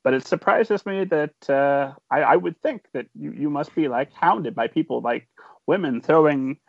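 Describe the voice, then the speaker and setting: A man's voice: on the high side, normal speed, creaky, no room sound. A man hosting an interview podcast, enthusiastic and chatty. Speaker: podcast host. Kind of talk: casual interview chat. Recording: dry close sound, dull lo-fi audio.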